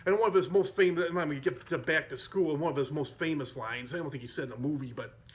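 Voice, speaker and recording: A man's voice: fairly high pitch, quick pace. A man hosting a podcast, casually retelling a comedy film with lots of fillers and self-corrections. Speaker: podcast host. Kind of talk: casual chat retelling a movie.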